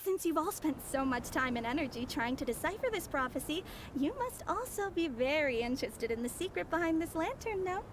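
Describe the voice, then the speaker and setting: A woman voicing a courteous and mysterious female envoy in a video game, polite and measured. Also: high voice, animated, noisy background. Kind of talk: game voice acting. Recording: game audio with faint music.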